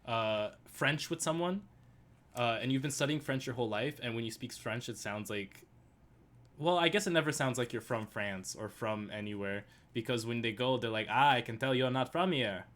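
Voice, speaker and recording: A man co-hosting a casual review chat, rambling with many restarts and rising into excited rants. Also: medium pitch, moderate pace. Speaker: podcast co-host.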